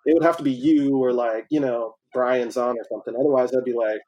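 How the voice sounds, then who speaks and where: Earnest man with a dark husky voice. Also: mid-range voice, quick pace, muffled recording. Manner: earnest, animated, laughs often. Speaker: podcast guest. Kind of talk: casual conversation.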